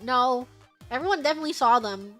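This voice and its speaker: A woman's voice: sits high, lively intonation, fairly quick, fairly bright tone, faint music behind. A young woman streamer reading out superchats in casual, giggly chat, sometimes breaking into song. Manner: bubbly, giggly, sings snatches of songs.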